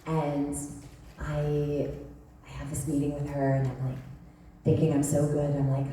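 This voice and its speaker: A woman's voice: low voice, monotone, unhurried, long pauses, mellow, a little hiss or hum. A woman in her thirties telling stories at a convention panel, chatty and laughing, with lots of "like". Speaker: panel guest actress. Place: large convention hall. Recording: echoey hall from far off.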